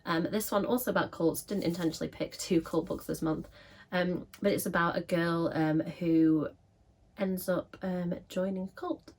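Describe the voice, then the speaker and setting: A woman's voice: on the low side, steady tone, moderate pace, darkish tone. A woman with a scratchy voice, chatting casually to camera as a book vlogger with frequent filler ums.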